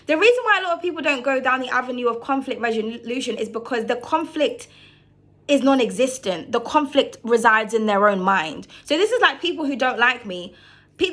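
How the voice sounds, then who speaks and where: A woman's voice: sits high, fairly bright tone. A young British woman, a tarot reader and channel host, ranting bluntly to camera in a casual monologue, swearing freely and filling her talk with asides.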